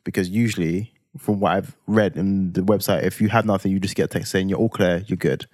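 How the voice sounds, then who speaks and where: A man in his twenties with a London accent, telling a story on a podcast in casual chat, animated and swearing freely. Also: sits low, fairly quick, dry recording, studio quality. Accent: London English. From England. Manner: animated, swears freely, acts out heated quotes. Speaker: podcast co-host.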